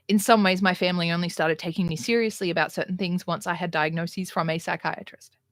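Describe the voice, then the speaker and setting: A woman's voice: lowish voice, steady tone, fast, dry recording, studio quality. A young adult woman, hosting a casual livestream and talking bluntly and candidly, with sarcasm and swearing. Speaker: livestream host.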